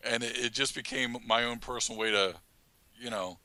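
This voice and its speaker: Bright-voiced, self-mocking man, halting chat. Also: medium pitch, steady tone, no room sound. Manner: halting, self-mocking, laughs often mid-sentence. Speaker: writer and creator of an audio drama, podcast guest. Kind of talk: casual podcast chat.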